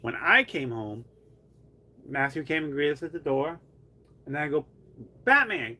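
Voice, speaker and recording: A man's voice: fairly high pitch, moderate pace, bright, forceful tone. A man live streaming from home, chatting casually in a rambling way full of "like". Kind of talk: casual chat.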